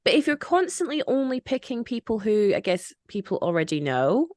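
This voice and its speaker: Lively, opinionated woman hosting a podcast. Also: fairly high pitch, brisk, no room sound, studio quality. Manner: animated, opinionated, frequent "like" fillers. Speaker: podcast host. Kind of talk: casual podcast discussion.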